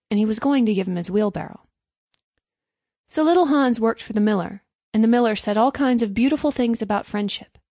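A woman narrating a storybook in a measured, clear reading. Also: fairly high pitch, darkish tone, dry recording.

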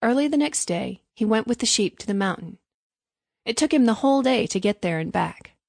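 A woman narrating a storybook in a measured, clear reading. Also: on the high side, expressive, darkish tone, no room sound.

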